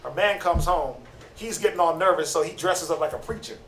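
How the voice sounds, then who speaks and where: Casual sermon from a guy teaching scripture, animated and slangy, kinda far from the mic with faint noise behind. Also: fairly high pitch, brisk, reverberant. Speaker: Bible teacher.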